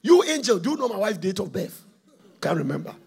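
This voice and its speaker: A male preacher giving an impassioned sermon, often shouting and half-singing his phrases. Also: high-pitched, expressive, brisk, vocal fry, husky.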